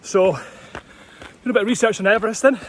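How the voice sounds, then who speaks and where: A man's voice: high-pitched, fast, fairly bright tone, slight background noise. A man vlogging outdoors as he climbs a steep hill, talking casually and getting out of breath. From Scotland. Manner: chatty, breathy from climbing, marvels at the view. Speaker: running vlogger. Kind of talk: casual vlog while hiking.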